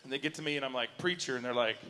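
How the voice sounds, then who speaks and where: A man doing a stand-up comedy set, acting out both sides of conversations with lively storytelling. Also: mid-range voice, racing. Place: university auditorium before a live audience. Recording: long hall reverb.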